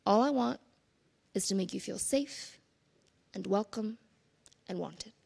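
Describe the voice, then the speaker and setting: A woman's voice: medium pitch, measured pace, gravelly, a little mellow, husky. A woman giving a conference keynote in an earnest, conversational way, with casual asides to the audience. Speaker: conference speaker. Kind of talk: keynote talk.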